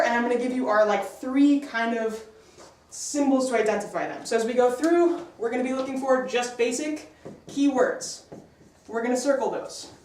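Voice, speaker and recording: A woman teaching an English class, brisk and upbeat as she quizzes her students. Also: high voice, darkish tone, slight background noise. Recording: echoey classroom from far off.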